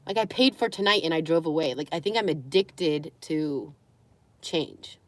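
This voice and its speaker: A woman's voice: deep voice, lively intonation, normal speed, no room sound. A young woman chatting casually on a live stream, with a runny nose, who slips into cooing baby talk with her dogs.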